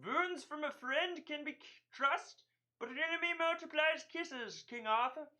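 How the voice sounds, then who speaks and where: A man's voice: normal speed, sharp tone, full character voice. A man putting on a mocking French-accented man who taunts a king from a castle. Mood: taunting. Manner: high taunting mockery.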